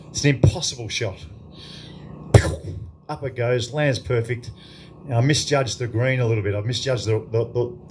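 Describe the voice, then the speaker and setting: A man's voice: medium pitch, a little hiss or hum. An Australian man in his fifties telling a profane story as an after-dinner guest speaker in a club function room. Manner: profane, lively anecdote telling to a crowd.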